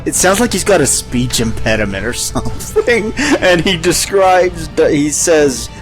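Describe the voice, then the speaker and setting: A man's voice: fairly high pitch, unhurried, faint music behind. A man co-hosting a casual podcast chat, swearing and laughing as he talks. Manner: animated, swearing, laughing often. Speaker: podcast co-host.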